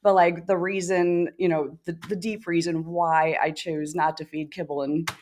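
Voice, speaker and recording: Lower-voiced woman guest, chatty. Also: little pitch movement, darkish tone, a little hiss or hum. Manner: chatty, quick laughs, earnest advice. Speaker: guest, pet spa owner. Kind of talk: casual interview chat.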